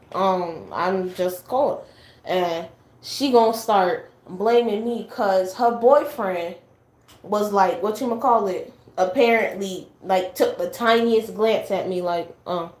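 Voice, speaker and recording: A young adult woman telling a personal story in casual chat. She rambles with many fillers and acts out what her family said. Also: mid-range voice. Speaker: guest sharing a personal story. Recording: echoey room.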